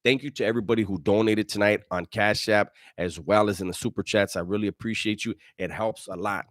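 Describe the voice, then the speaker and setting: A man's voice: fairly low pitch, fairly even intonation, a little fast, dry recording, clean studio sound. A middle-aged man hosting a live stream, reading and answering chat in blunt, profane street slang with frequent restarts. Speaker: livestream host answering chat.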